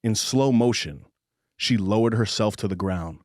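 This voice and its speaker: Low-voiced male podcast host. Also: a little mellow, no room sound, studio quality. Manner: low, measured reading voice, joking between passages. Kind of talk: casual chat, reading a novel excerpt aloud. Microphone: studio microphone with headphones.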